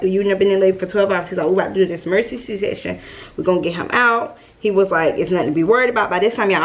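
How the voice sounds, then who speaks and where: A young woman telling a storytime vlog, chatty and lively, calling her viewers y'all. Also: mid-range voice. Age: young adult. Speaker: vlogger.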